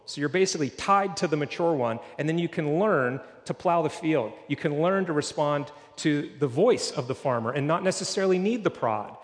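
Male pastor, slightly high voice, earnest sermon delivery, church reverb. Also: expressive. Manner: earnest preaching, slows for quoted scripture.

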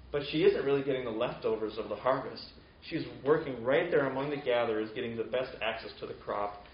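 A man's voice: mid-range voice, slight background noise. A man giving a sermon, retelling a Bible story in a conversational way with casual asides. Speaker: preacher. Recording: roomy, dull-sounding recording.

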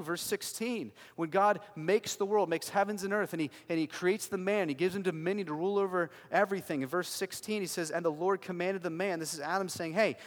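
A man preaching a sermon as a pastor, emphatic and swinging from loud declarations to hushed lines. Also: sits high, long reverb tail.

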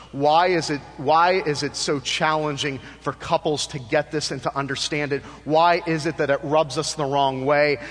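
A male pastor preaching a sermon, shifting between lifted emphatic lines and hushed, low passages. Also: in a large hall.

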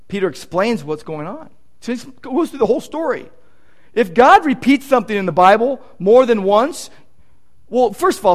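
A man's voice: very high voice, very animated, moderate pace. A male pastor preaching a sermon in an earnest, emphatic way, leaning on repeated points.

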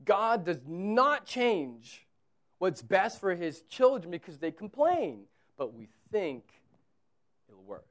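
A man in his thirties preaching a sermon as pastor, conversational, moving between quiet asides and loud, emphatic repetition. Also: sits high, big pitch swings, slow pace.

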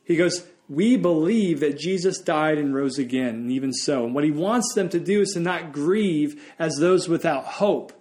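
Man, pastor, sermon, earnest, slightly high voice. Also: moderate pace, few pauses, a little mellow.

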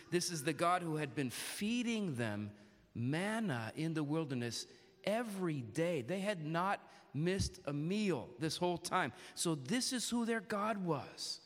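A man's voice: a little high, a bit bright, long reverb tail. A man preaching a sermon earnestly, asking his congregation questions and restarting his phrases often.

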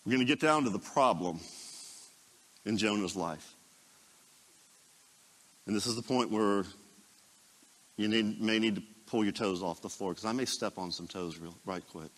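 A man preaching a sermon as a pastor, telling the story dramatically and dropping into hushed asides. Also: fairly low pitch, normal speed, pauses often, in a large hall.

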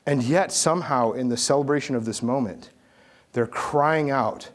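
A man preaching a sermon, telling stories with animated swings from loud calls to hushed asides. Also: medium pitch, moderate pace. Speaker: pastor.

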